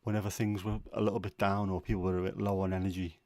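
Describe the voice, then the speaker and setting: Chatty man, low dry voice. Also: level tone, quick pace, a little mellow, dry recording. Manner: chatty, opinionated, rambling with fillers. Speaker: livestream host. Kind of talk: casual livestream chat.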